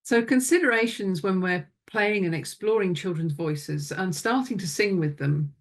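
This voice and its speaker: Calm, low-voiced woman teaching music. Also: moderate pace. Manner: calm, instructive, demonstrates vocal exercises. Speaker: music education presenter. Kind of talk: webinar teaching talk.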